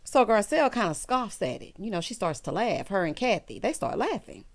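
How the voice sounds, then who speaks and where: A woman's voice: medium pitch, sing-song, a little fast. A woman hosting a reality TV recap, giving sassy, emphatic commentary and calling her viewers honey and child. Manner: bursts into loud laughter and exclamations.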